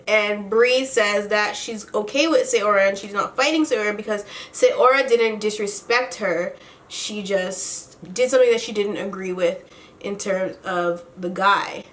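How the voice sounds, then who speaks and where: A woman's voice: mid-range voice, bright, forceful tone. A woman casually recapping a reality show while doing her makeup, sassy and profane with lots of slang. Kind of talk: casual makeup-tutorial chat. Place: home room, doing makeup on camera.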